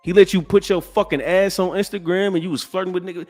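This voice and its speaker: A man in his forties hosting a podcast, ranting bluntly and profanely, jumping from loud outbursts to low, sighing asides. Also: fairly even intonation, fast talker, faint music behind. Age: 40s. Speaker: podcast host. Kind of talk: ranting commentary.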